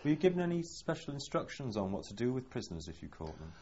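A male interviewer asking measured, probing questions in an oral history interview, with some hesitations. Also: mid-range voice, big pitch swings, mellow. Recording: dull lo-fi tape with faint hiss.

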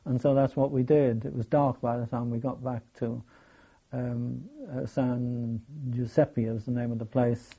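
An older man, recalling his wartime experiences in a hesitant, halting way full of restarts. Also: mid-range voice, level tone, vocal fry, dark tone. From England. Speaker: war veteran telling his story. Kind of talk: oral history recollection. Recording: dull lo-fi recording.

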